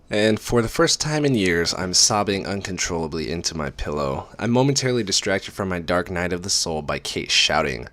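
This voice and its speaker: A man's voice: low-pitched, sing-song, normal speed, few pauses, fairly bright tone. A man reading a book aloud in the first person, breaking off for sarcastic, profane asides. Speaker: reader.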